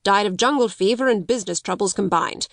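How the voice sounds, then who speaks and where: A woman's voice: mid-range voice, fairly quick, no echo, studio quality, close to an everyday voice. A woman reading a storybook voices a shrewd male solicitor who speaks brusquely and with disapproval. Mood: brusque, blunt. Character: curt, shrewd male solicitor, dry little man.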